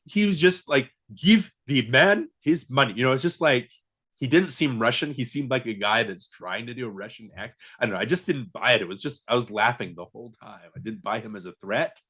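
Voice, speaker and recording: Brisk and a bit bright with a breathy edge, this mid-range male voice belongs to a podcast co-host. He chats loosely about a movie, stumbling over restarts, using lots of fillers, and laughing often.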